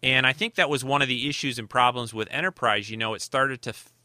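Bright-voiced rambling podcast host, man. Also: medium pitch, quick pace, no room sound. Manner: rambling, with many restarts. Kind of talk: casual podcast chat.

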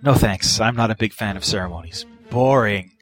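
A breezy, aloof young woman officer from a storybook reading, put on by a man. She teases and brushes people off with casual ease, in a lowish register. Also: normal speed, fairly bright tone, soft background music, natural voice. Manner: teasing, dismissive.

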